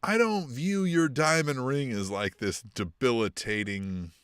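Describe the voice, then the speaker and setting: A man co-hosting a casual wrestling podcast, talking in an animated, profane way and mimicking wrestlers with bursts of laughter. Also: medium pitch, unhurried, clean tone, no room sound, clean studio sound. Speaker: podcast co-host.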